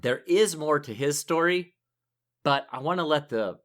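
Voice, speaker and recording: Animated, chatty male podcast co-host. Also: fairly high pitch, a little slow. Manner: chatty, laughs easily, rambling asides. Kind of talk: casual chat.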